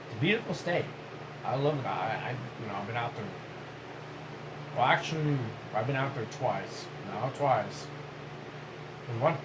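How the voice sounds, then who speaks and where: A man's voice: medium pitch, background noise. A man co-hosting a home vlog, chatting casually and repeating himself while chewing. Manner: repetitive, chewing while talking. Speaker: vlog co-host. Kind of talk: casual chat.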